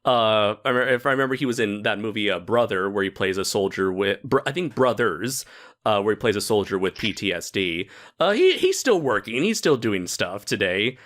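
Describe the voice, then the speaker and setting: Lively, excitable man chatting casually. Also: fairly low pitch, normal speed. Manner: excitable, laughs often, shouts quotes. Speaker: podcast host. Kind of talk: casual chat.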